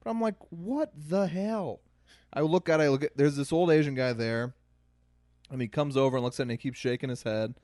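A man's voice: medium pitch, fairly even intonation, quick pace, darkish tone, dry recording, studio quality. A man hosting a podcast, chatting casually and telling anecdotes in a conversational way. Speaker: podcast host. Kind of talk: casual chat.

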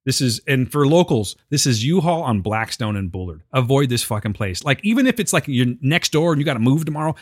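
Male storyteller, lively pitch, foul-mouthed, dry booth sound. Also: brisk, hardly any pauses, husky, dry recording. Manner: profane, animated, acts out quotes. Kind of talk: casual storytelling chat.

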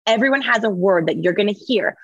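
A woman author and entrepreneur, speaking as an interview guest in an energetic, emphatic, motivational way. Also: mid-range voice, fast, breathy edge, no echo, lo-fi sound. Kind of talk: conversational interview.

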